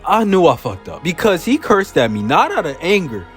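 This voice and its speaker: A young adult man narrating a funny childhood story in a casual, slangy, animated storytime style. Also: normal speed, soft background music. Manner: casual, animated, slangy delivery with big pitch swings. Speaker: storyteller, channel host.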